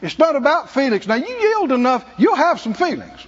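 A man preaching, telling a self-mocking personal story in an animated way. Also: very high voice, fairly quick, big-room sound, dull audio. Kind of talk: testimony sermon. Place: church.

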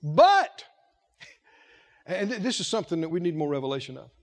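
A man's voice: a little high, very animated, normal speed. A man preaching a sermon as head of a ministry, emphatic and repetitive, asking the congregation questions and acting out quotes.

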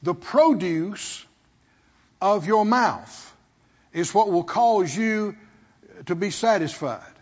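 High husky preacher in echoing hall. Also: male voice, lively intonation, takes it slowly, long pauses, darkish tone, dull audio. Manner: preaching with call-and-response rhetorical questions. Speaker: pastor. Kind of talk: sermon.

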